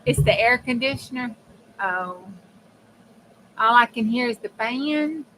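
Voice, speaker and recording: A woman's voice: fairly high pitch, lively intonation, a little slow, sharp tone, rough recording. A woman hosting a casual crafting livestream, chatting with viewers and laughing often. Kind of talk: casual chat while crafting. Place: home craft room with air conditioner running. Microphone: desk mic. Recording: faint room hum from fan.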